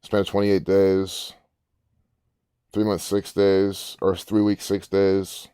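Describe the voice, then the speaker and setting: A man's voice: low-pitched, monotone, slow, warm tone, smooth, no room sound, studio quality. A man hosting a casual commentary, rambling and musing aloud with frequent restarts. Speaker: gematria channel host.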